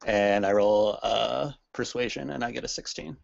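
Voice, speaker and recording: A man's voice: medium pitch, normal speed, creaky, muffled recording. A man playing a tabletop game, easygoing and in character. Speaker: player.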